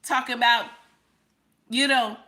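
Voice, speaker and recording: A woman's voice: fairly high pitch, fairly even intonation, a little slow, pushed and bright. A woman, telling a personal story to viewers in a sassy, emphatic way and often checking in with "okay?". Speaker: relationship commentator.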